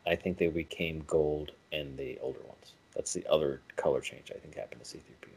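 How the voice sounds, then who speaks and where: A man's voice: very deep voice, steady tone, fairly quick, vocal fry, a little mellow, husky. A man co-hosting a podcast in casual chat, rambling with many restarts and self-corrections. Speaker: podcast co-host.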